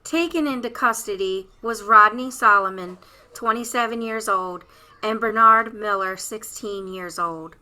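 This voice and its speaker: Woman, true-crime host, scripted narration, steady read-aloud delivery, very bright tense tone. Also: medium pitch, unhurried, low-quality recording.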